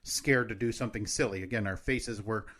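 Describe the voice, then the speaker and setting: Male podcast co-host, bright voice, playful banter, laughs easily. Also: fairly low pitch, a little fast. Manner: joking, laughs often. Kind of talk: casual chat.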